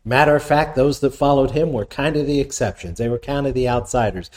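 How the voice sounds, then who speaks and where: A man's voice: medium pitch, brisk, a little mellow. A man preaching a sermon, teaching in a conversational way, reading scripture aloud and putting questions to his listeners. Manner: reads scripture aloud between explanations. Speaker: pastor.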